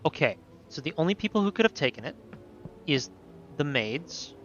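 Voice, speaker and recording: A man's voice: a little high, sing-song, normal speed, fairly bright tone, highs cut off, faint music behind. A man giving casual gameplay commentary, thinking aloud and swearing freely. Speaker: let's play host.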